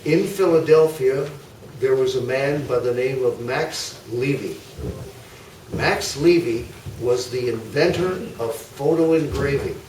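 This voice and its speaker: An older man gives a rambling, anecdote-filled history talk to a club audience, slowly and with plenty of fillers. His voice sits at an ordinary pitch and comes from a distance in an echoey hall. Faint room noise hangs behind him. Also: a little mellow. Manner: chatty, anecdotal, many uh fillers and asides. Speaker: guest speaker.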